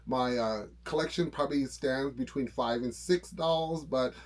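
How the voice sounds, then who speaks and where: A man's voice: mid-range voice, unhurried. A middle-aged man co-hosting a live doll-collecting stream, talking in an easygoing way with a lot of hesitant fillers. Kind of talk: casual live-stream chat.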